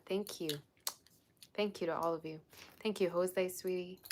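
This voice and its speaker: A woman's voice: lowish voice, noisy background. A woman hosting a casual tarot livestream, talking straight to her viewers in an effusive, gushing way, on a built-in device mic. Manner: effusive, gushing and emotional while unboxing gifts. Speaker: tarot reader livestream host. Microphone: built-in device mic, no proper microphone.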